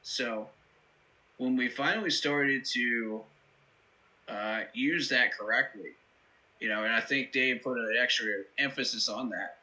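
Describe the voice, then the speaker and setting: A man with a very bright, sharp-edged voice hosts a live football reaction. He breaks down plays and clock management earnestly, leaning on "you know" as he talks. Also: mid-range voice, measured pace, rough recording. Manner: earnest, analytical, many "you know" fillers. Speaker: host.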